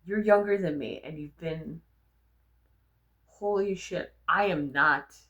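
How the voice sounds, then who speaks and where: A young adult woman with a notably low, deep voice talks straight to camera. Her storytelling is candid and animated, full of casual profanity. It sounds like an unscripted personal vlog. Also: slow pace, muffled recording. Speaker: vlogger.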